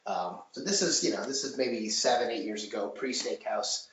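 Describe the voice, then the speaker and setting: A man's voice: mid-range voice, moderate pace, fairly bright tone. Rambling chef man in an echoey room. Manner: rambling storyteller, many fillers and restarts. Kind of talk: casual podcast interview. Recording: dull, roomy, faint noise.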